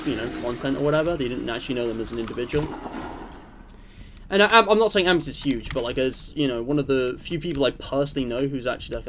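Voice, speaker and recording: A slight hiss or hum sits under a young man's mid-range voice. He's streaming a game and chatting casually, rambling and joking with his viewers while he plays.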